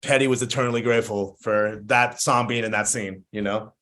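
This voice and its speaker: A man in easy, casual conversation as a podcast guest, mid-pitched and laid-back. He swears freely and slips into other people's voices as he tells his stories. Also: steady tone, fairly quick, sharp tone. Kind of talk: casual chat.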